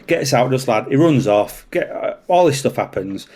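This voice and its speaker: A traffic police officer with a Yorkshire accent chats casually, telling an animated story and swearing freely. His voice is mid-range and his pace moderate, and he acts out the voices of the people in his anecdotes.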